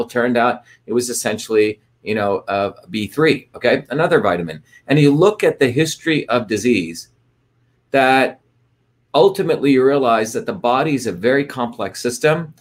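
A man hosting a livestream, reading out where viewers are from and talking casually with many fillers and restarts. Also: medium pitch. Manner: rambling, many fillers and restarts, retells stories. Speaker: livestream host.

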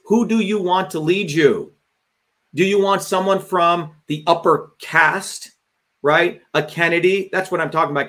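A man with a fairly high voice, ranting hard on his own live show. He swears freely and sounds combative, and he keeps turning to his viewers to press each point home. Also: fairly bright tone. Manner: emphatic, addresses viewers directly. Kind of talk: live political monologue.

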